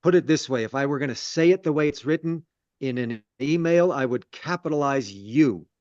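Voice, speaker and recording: A man's voice: medium pitch, moderate pace, darkish tone, dry recording. A man, a rabbi leading a Torah study, teaching conversationally with repeated words and self-deprecating asides. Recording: dull lo-fi sound.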